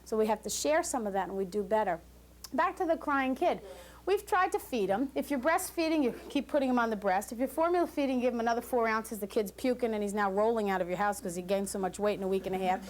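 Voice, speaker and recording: Woman, parenting class instructor, lively and joking, voice sits a touch high. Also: fast, a little hiss or hum. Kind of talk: lecture to new parents.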